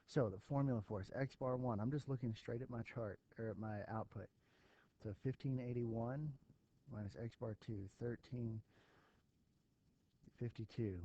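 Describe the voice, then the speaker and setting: A man's voice: medium pitch, normal speed, pauses often, dark tone, highs cut off, slight background noise. A man teaching a recorded statistics lesson, thinking aloud with fillers as he works through an example for his students. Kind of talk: recorded math lesson walkthrough.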